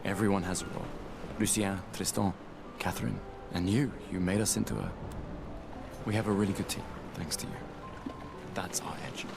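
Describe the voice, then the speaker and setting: An actor playing a steady, wry man on the eve of an expedition, with dry, understated humor. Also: deep voice, moderate pace, vocal fry. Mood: earnest. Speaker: expedition member. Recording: game audio with music underneath.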